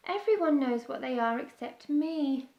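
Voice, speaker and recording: A woman doing Beaky, a high, plaintive little bird. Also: expressive, measured pace, highs cut off. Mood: forlorn. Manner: wondering, plaintive questions. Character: small fluffy young bird, lost and unsure. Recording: echoey room.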